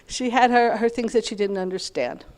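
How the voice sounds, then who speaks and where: Middle-aged woman, lecture storytelling, somewhat high voice, acts out quoted people. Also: moderate pace, darkish tone. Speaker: Torah lecturer.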